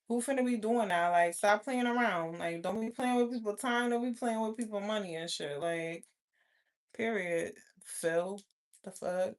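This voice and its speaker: A woman rants straight to her viewers. She is blunt and profane, scolding hard and cursing often in a loose, casual vlog delivery. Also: on the high side. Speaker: vlogger. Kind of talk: casual rant to camera.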